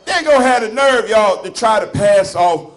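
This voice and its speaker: Southern-accented male stand-up, slightly high voice, loose teasing crowd work. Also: lively intonation, normal speed, a little hiss or hum. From Alabama. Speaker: stand-up comedian. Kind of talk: stand-up comedy set. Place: club stage before a live audience.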